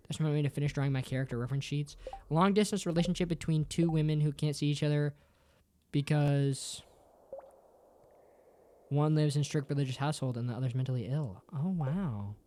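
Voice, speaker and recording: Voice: a little fast, long pauses, warm tone, a little hiss or hum. Joking, swearing streamer who keeps saying bro. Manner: swears often and ends sentences with "bro"; playful and jokey, with big jumps up and down in pitch. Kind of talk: casual livestream chat with viewers.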